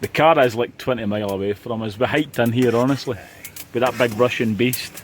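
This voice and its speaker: On a camping vlog, a middle-aged Scottish man chats casually from inside a hot tent, joking around with playful outbursts. His medium-pitched voice is brisk with fairly even intonation, and there's slight background noise.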